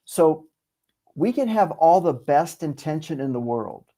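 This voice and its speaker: A man tells a story in a conversational interview, his voice sitting a little high. He brings it to life by acting out the lines of the people in it. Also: a little slow. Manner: animated storyteller, acts out quoted dialogue. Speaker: guest speaker and author. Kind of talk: conversational storytelling on a video call.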